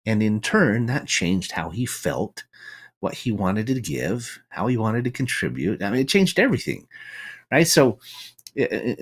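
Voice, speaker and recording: A man's voice: on the low side, slightly rough. A middle-aged American man hosting a solo podcast monologue, reflective and storytelling, with frequent restarts and tag questions. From United States. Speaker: podcast host.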